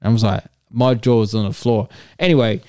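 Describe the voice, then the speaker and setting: A man tells a long, crude story in casual chat. His voice sounds smooth and resonant, and the room is dry and close. He jumps into other people's voices as he goes. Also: lowish voice, fairly quick, no echo. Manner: rambling crude anecdote, animated quoting. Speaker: storyteller guest.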